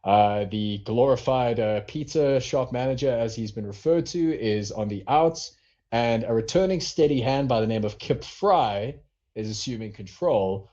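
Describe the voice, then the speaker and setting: A man's voice: mid-range voice, moderate pace, dark tone, highs cut off. A man co-hosting a wrestling podcast in casual chat, rambling through stories with many fillers. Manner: rambling, filler-heavy storytelling. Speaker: podcast co-host.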